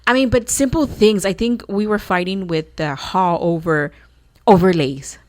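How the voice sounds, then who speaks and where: A woman's voice: medium pitch, moderate pace, darkish tone. A woman in her thirties, co-hosting a radio podcast in casual chat, rambling with lots of fillers and restarts. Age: 30s. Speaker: podcast co-host.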